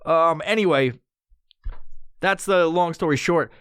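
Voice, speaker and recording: A man's voice: on the high side, a little slow, clean tone, no echo, studio quality. A man hosting a podcast, telling a casual story full of swearing and acted-out quotes. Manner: profane, animated, acts out quotes. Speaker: podcast host.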